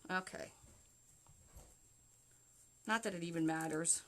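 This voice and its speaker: Canadian woman hosting a crafting livestream, bright and chatty, a touch of faint background noise. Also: lowish voice, slow pace. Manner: chatty, talks to viewers while working. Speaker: wreath-making livestream host. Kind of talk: casual live crafting tutorial.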